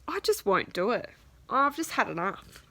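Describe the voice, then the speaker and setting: A woman's voice: on the high side, sing-song, moderate pace, fairly bright tone. A young woman venting about dating in a casual vlog, swearing freely and quoting others. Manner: frustrated, swears often, quotes others in voices. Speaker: vlogger.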